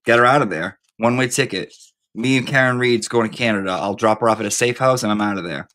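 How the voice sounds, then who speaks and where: A man's voice: on the low side, quick pace, fairly bright tone. Brief: male live-stream host, loose campy chat, foul-mouthed and rambling.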